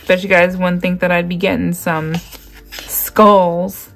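Her voice is on the low side, with a level tone and vocal fry, and she takes it slowly. This woman vlogs a craft unboxing at an indoor table in excited chat, gushing and exclaiming directly to her viewers. Soft background music accompanies the crinkling of packaging.

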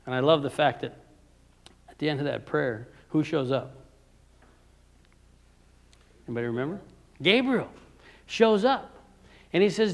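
A man preaching a sermon in a conversational way, asking his listeners questions and moving between loud emphatic lines and quiet ones. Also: fairly high pitch, expressive, normal speed. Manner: conversational, asks the audience questions.

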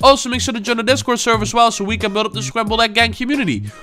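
A man's voice: very high voice, fairly even intonation, racing, pushed and bright, faint music behind. A man giving live gameplay commentary, swearing often and swinging between frustration and taunting his opponents while talking to viewers. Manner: talks to viewers. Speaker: gaming YouTuber.

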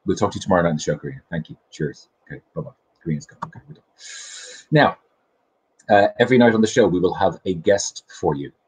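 Brief: chatty Irish host, middle-aged, deep voice, lively delivery, recorded at home on a webcam. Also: male voice, quick pace, breathy edge, rough recording. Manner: chatty, enthusiastic, self-deprecating. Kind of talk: casual chat show monologue. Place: home kitchen.

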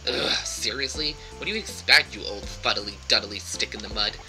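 A man's voice: lowish voice, moderate pace, close to an everyday voice, poor audio. A man voicing a sulky, defiant teenage girl with a whiny, sarcastic manner, over game music. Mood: indignant.

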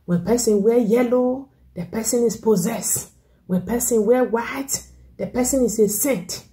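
Woman preacher, sermon, fairly high voice, warm mellow tone, animated delivery. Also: measured pace. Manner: animated preaching, mimics critics in a raised voice. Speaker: evangelist.

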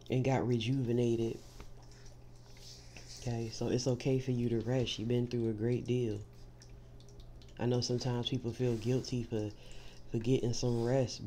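A woman's voice: very deep voice, dark tone, a little hiss or hum. Woman giving an emphatic tarot reading. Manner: emphatic, repeats "see" to drive points home; reassuring, direct address to the listener. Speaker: tarot reader.

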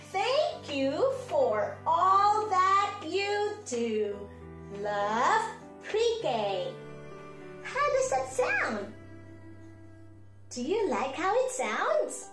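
A woman, a preschool teacher, giving a slow, sing-song morning lesson to small children. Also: high-pitched, roomy sound. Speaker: pre-K teacher.

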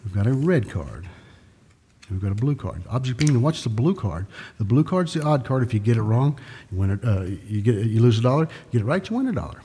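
A man from Texas voicing a wheedling male carnival card hustler who smooth-talks a mark into a rigged game. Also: sing-song, fast, warm tone. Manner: smooth-talking sales pitch.

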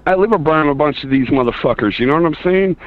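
Calling into a radio show from Chicago, this man argues back bluntly in casual slang. His slightly high voice moves fast with lively intonation, coming through a tinny phone line with no room sound.

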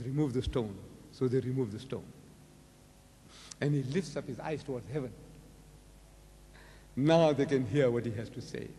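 An older man with a South African accent lectures on scripture in a big hall, his voice ringing with a long echo. His pitch is high and leaps about wildly as he hammers home rhetorical questions. The delivery is dramatic and declamatory. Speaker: preacher. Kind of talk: public lecture on religion.

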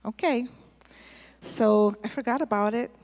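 A woman pastor telling a testimony in a sermon, storytelling in a lively way and repeating words for emphasis. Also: fairly high pitch, unhurried. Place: church sanctuary. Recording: long hall reverb in a church.

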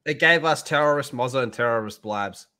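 A man's voice: mid-range voice, brisk, bright, forceful tone. A man with an Australian accent hosting a live stream, loose and jokey, swearing in casual chat. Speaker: livestream host.

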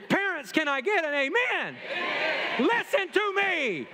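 A middle-aged man, a pastor, preaching a sermon to his congregation in a lively, humorous way that speaks straight to the people. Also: very high-pitched, noisy background. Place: church sanctuary. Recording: long reverb from a church hall.

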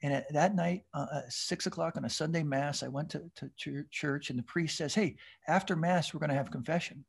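A man in his fifties, a podcast guest telling his recovery story in an animated way, often repeating words as he restarts and laughing as he goes. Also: a little high, a little fast, vocal fry, few pauses, husky.

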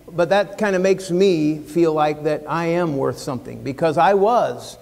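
An American pastor with a fairly high voice preaches from the pulpit in an earnest, folksy way. He stretches some lines out slowly and presses hard on others. His voice hangs in the long reverb of a church sanctuary. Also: creaky, a little mellow. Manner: earnest, folksy, with emphatic rises and slow drawn-out lines. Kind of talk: sermon with a read-aloud poem.

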